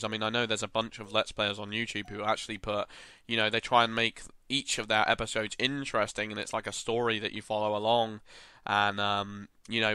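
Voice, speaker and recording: Bright-toned man giving game commentary. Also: on the low side, smooth, no room sound. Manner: thoughtful, rambling, frequent fillers and self-corrections. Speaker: gaming channel host. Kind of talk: live gameplay commentary.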